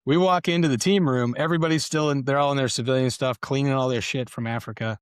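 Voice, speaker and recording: A middle-aged man talks in a loose, anecdotal way, as if swapping stories with a friend. His voice sits in a middle pitch and is recorded close and dry, with no room sound around it. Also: fast talker, clear, resonant tone, no echo. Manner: relaxed, anecdotal, swears casually. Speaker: guest, retired Special Forces colonel. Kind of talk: casual conversational storytelling. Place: podcast studio.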